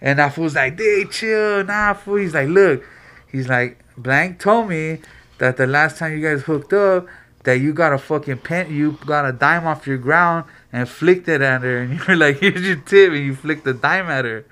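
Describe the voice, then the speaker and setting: A man's voice: a little high, moderate pace. A man on a podcast telling a long story in casual street slang, acting out what people said. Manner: animated slangy storyteller, acts out quotes. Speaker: podcast co-host.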